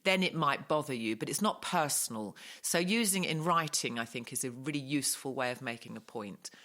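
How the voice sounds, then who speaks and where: A woman's voice: rumbling low, lively intonation, brisk, fairly bright tone. A woman co-hosting a podcast, chatting casually and telling stories with dry humor. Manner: dry, wry storyteller. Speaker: podcast co-host. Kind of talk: casual chat.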